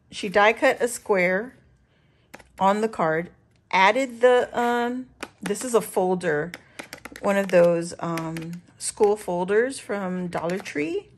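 A woman hosting a casual craft unboxing, gushing with excited exclamations as she shows each piece. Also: mid-range voice. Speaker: crafting channel host.

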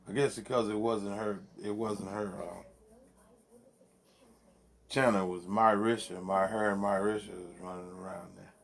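A man rambles casually from his home man cave, swearing freely and laughing as he goes. His voice sits low with a gravelly fry running through it. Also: a little hiss or hum. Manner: loose, profane, laughs often. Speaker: vlogger.

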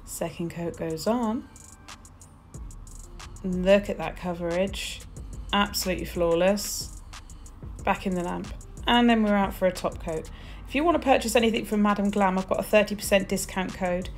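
Soft background music plays as a British woman demonstrates nail polish swatches, chatting and gushing with small exclamations. She speaks at normal speed with a medium pitch and pauses often.

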